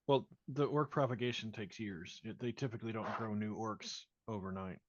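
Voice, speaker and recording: A man playing in a tabletop role-play session who speaks in measured, formal phrasing. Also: on the low side, dry recording, muffled recording. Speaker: player.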